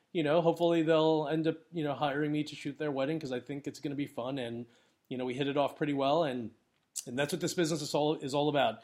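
Chatty man full of fillers. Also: mid-range voice. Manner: chatty, loose and upbeat, full of "you know" and "um". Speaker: wedding photographer giving business advice. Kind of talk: casual solo podcast talk.

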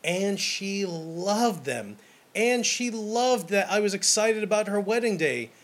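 An energetic young man telling stories in a casual monologue. His voice sits a little high and bubbles with enthusiasm, often tripping over itself and restarting as he talks. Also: a little slow. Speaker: wedding photographer.

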